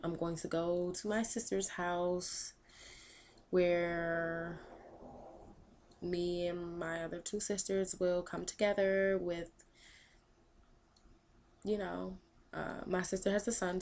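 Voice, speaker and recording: Young woman vlogging, kinda low voice, rambles and says um a lot. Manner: rambling, thinks aloud with many ums. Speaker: vlog host answering viewer questions. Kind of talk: casual chat.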